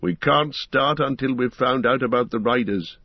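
A man voicing an ancient male wizard, speaking in a grave, measured and authoritative way. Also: mid-range voice, no room sound, highs cut off, natural voice.

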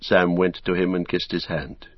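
Brief: solemn audiobook narrator, man, low voice, somewhat dull sound. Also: flat delivery, no room sound. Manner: measured, solemn storytelling. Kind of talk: scripted narration of a novel.

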